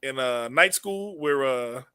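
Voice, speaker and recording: A man's voice: medium pitch, animated, slow pace, sharp tone, smooth, dry recording, clean studio sound. A man in his late thirties, co-hosting a podcast, who rambles in a casual comedic chat, laughs often and repeats his words. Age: 30s. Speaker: podcast co-host.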